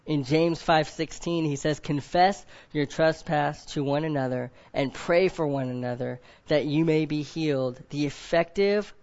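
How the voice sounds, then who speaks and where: A man's voice: a little high, lo-fi sound. A man preaching a sermon to a group of men. He keeps asking them questions, often adds "right?", and acts out other people in quoted voices.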